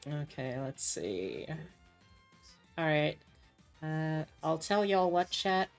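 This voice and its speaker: A woman's voice: sits low, sing-song, takes it slowly, soft background music. A woman streamer chatting casually with her viewers in a rambling, indecisive, self-mocking way. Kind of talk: casual livestream chat.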